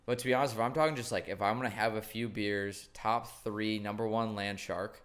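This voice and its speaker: A young man with a slightly low voice chats on his podcast. He tells stories in a loose, rambling way, full of casual swearing. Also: fairly even intonation, a little fast, fairly bright tone. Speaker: podcast host. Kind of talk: casual chat.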